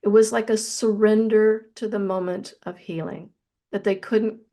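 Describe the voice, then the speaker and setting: Speaking in a steady, warm, mid-range voice, a woman recounts a personal spiritual story as a guest in an interview. Her delivery is earnest and reflective, and she eases her pace on the key phrases.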